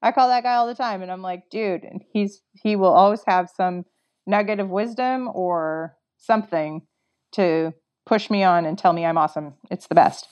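A woman's voice: medium pitch, moderate pace, smooth, muffled recording. A woman from Canada, a guest in a casual interview, who tells a story in a chatty way, acts out her own past lines and says "like" often. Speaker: interview guest, record maker.

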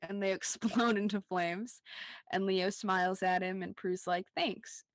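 A woman's voice: mid-range voice, flat delivery, measured pace, no room sound. A young woman co-hosting a rewatch podcast, recapping scenes in casual chat, laughing often and saying "like" a lot. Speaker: podcast co-host.

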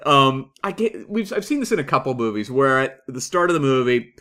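A man's voice: mid-range voice, very animated, brisk, bright, forceful tone. A Canadian man co-hosting a podcast, chatting casually and enthusiastically with plenty of fillers. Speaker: podcast co-host.

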